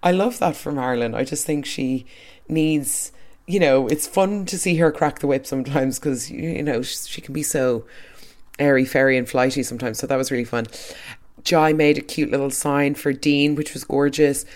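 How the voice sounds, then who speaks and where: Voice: medium pitch, moderate pace. Podcaster chatting away about a soap, opinionated, lots of trailing asides. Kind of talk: casual recap of a soap episode.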